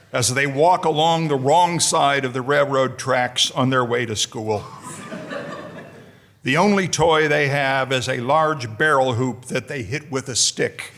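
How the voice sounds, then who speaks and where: A man's voice: medium pitch, a bit bright, a little hiss or hum. Wry American man giving a speech. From United States, New Jersey. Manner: dry, self-deprecating comic delivery. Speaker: colleague introducing the lecturer. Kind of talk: humorous speech at a formal lecture. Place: lecture hall.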